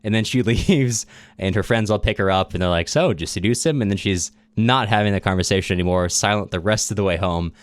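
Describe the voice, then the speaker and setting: Low-voiced man retelling a story casually. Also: fast talker, no echo. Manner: retells the plot loosely with fillers, restarts and chuckles. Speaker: podcast co-host. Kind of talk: casual literature podcast chat.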